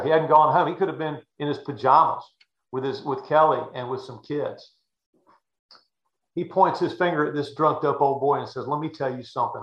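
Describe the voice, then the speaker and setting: Older male broadcaster, folksy and earnest, with a dull, echoey room sound. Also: mid-range voice. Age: 60s. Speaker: guest, sports broadcaster. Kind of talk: anecdotal storytelling.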